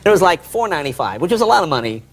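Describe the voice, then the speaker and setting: A man telling a comic childhood story as an animated, laughing storyteller, from a noisy played-back clip. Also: a little high, rapid-fire. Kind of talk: comic anecdote.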